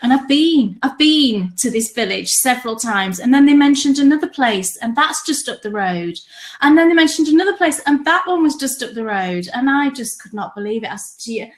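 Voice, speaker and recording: A woman's voice: high-pitched, moderate pace. A woman co-hosting a live podcast show, chatting casually and telling stories with enthusiasm. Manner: chatty, enthusiastic, animated storytelling. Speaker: podcast co-host. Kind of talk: casual chat. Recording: live stream from home.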